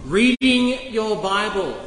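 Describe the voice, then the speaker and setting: A man's voice: high-pitched, lively intonation, slow pace, fairly bright tone, a little hiss or hum. A man preaching as a pastor, playfully quizzing the children during a sermon. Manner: playful, asks the kids questions. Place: church. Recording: echoey church hall, faint ambience.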